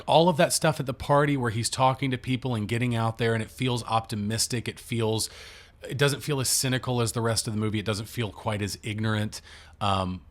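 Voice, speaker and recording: A man co-hosting a podcast, talking through a film in a rambling, casual way with the odd curse. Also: mid-range voice. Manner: rambling, conversational, profane asides. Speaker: podcast co-host.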